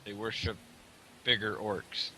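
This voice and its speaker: A man playing a tabletop game, playful and animated. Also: on the low side, unhurried, husky, low-quality recording. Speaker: player.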